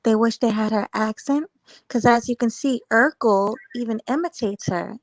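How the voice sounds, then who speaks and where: A woman's voice: fairly high pitch, moderate pace. A woman calling in to a live stream, giving her opinion in a direct, casual way. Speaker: caller. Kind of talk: casual call-in chat.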